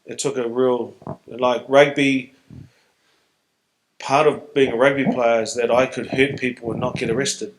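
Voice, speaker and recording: A man's voice: mid-range voice, steady tone, moderate pace, a little hiss or hum, low-quality recording. A middle-aged man from New Zealand with a New Zealand accent, speaking earnestly and reflectively as a guest in a live stage Q&A. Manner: earnest, reflective, emotionally open. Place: on stage before an audience.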